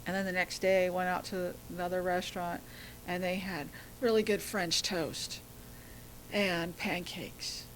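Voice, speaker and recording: A middle-aged woman tells a personal story in a lowish voice, slipping into the voices of the people she quotes. A faint rumble sits under the recording. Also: fairly even intonation, a little slow, rough recording. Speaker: guest.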